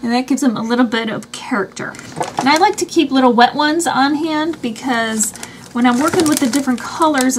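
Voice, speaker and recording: A woman with a high, light voice walks through a craft project one step at a time, chatty and easygoing. A faint hum of room ambience sits under her voice. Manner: chatty, explains each step as she works. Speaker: craft channel host.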